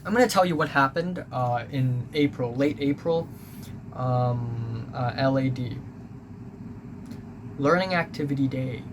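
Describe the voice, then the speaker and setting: A man's voice: mid-range voice, a little slow, pauses often. Rambling young man with a hum behind. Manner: rambling, full of ums and uhs, offhand and blunt. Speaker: vlogger recapping school life. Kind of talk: casual storytelling. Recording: home recording with steady background noise.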